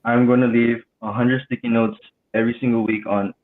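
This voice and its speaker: A man's voice: mid-range voice, flat delivery, brisk, slight background noise. Hesitant man on a tinny phone line. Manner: hesitant, unsure, stumbles over words. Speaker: coaching student.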